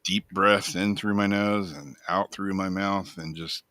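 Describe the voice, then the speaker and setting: A man's voice: low-pitched, a little slow, no room sound. A man co-hosting a casual talk show, telling a story in a loose, profane way and laughing often. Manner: profane, laughing, animated retelling. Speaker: co-host.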